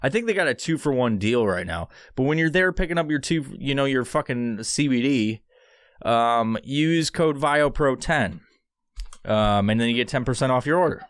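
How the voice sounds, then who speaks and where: A man's voice: mid-range voice, lively intonation, moderate pace, smooth, no room sound. A man hosting a solo podcast from a studio, rambling and swearing through a sponsor read. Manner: rambling, profane, sarcastic. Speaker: podcast host.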